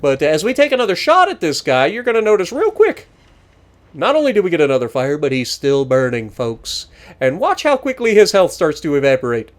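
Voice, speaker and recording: Animated male gameplay commentator. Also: on the high side, fairly quick. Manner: animated, joking, teasing opponents. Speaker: gaming channel host.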